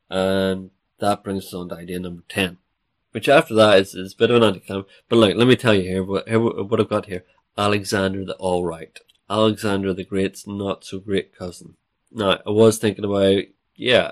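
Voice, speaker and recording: A man hosting his own podcast, chatting and joking in a rambling monologue. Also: lowish voice. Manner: chatty, self-interrupting, jokey. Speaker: podcast host.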